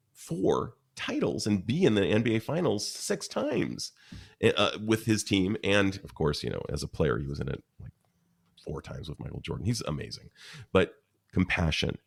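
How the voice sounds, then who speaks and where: Deep gravelly man, earnest guest. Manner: earnest, searching for words mid-sentence. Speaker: podcast guest, psychologist. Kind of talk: conversational interview.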